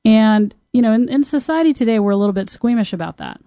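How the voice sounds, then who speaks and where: A woman's voice: fairly high pitch, fast, dry recording. A woman podcast host and Tantra teacher with a singer's trained voice, telling stories candidly and talking openly about intimacy. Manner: lively, frank, openly talks about intimacy. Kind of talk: candid storytelling chat.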